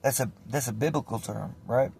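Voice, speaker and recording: A man telling a casual story, loose and profane. He talks in an animated way and keeps slipping into other people's voices to act out the scenes. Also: medium pitch, normal speed, creaky, a little hiss or hum.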